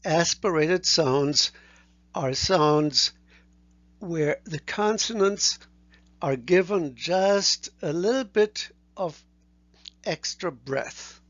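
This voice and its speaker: A male teacher talks through a lesson at a very slow, deliberate pace, pausing to sound out letters one by one. His voice sits slightly high. The recording is dry and a bit muffled. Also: fairly bright tone, dry recording. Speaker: language teacher. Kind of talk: recorded lecture.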